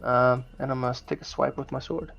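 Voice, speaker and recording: A man's voice: mid-range voice, fairly even intonation, fairly quick, vocal fry, a bit bright, faint music behind. A man playing a tabletop role-playing game, upbeat and chatty. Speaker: player. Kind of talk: casual tabletop play. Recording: dull lo-fi mic.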